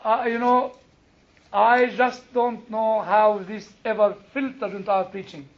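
A male preacher giving an animated sermon, questioning his congregation, exclaiming and laughing as he teaches. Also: sits high, unhurried, lo-fi sound.

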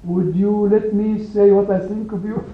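A teacher leading a Bible study group tells a story to a small gathering, animated and emphatic, pausing to stress single words. His voice sits high, and the phone-like recording catches an echoey room with a little hiss or hum.

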